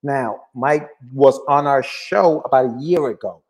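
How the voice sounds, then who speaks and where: A man's voice: mid-range voice, measured pace, rough recording. Laid-back male podcast host. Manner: relaxed, loose, hip slang. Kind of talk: casual chat. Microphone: video call.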